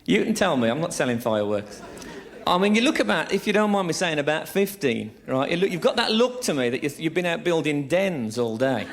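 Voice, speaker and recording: Man, stand-up comic, lively swooping voice, slightly high, crude and teasing, theatre stage mic. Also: brisk. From England. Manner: chatty, crude, teasing the audience, laughing at his own jokes. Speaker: stand-up comedian. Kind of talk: live stand-up routine.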